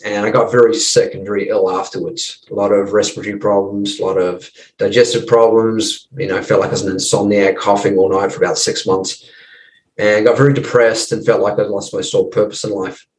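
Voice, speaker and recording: A man in his forties with a New Zealand accent, a podcast guest telling his story in relaxed casual chat, full of "you know". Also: on the low side, brisk, echoey room, far from the mic, slight background noise, poor audio. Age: 40s.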